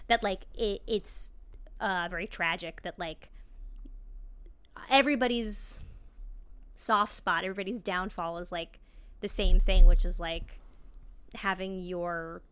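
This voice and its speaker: A woman's voice: lowish voice, steady tone, unhurried, long pauses, fairly bright tone, clean tone. Female podcast guest, conversational and thoughtful, filler-heavy casual speech. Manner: reflective, heavy use of "like" fillers.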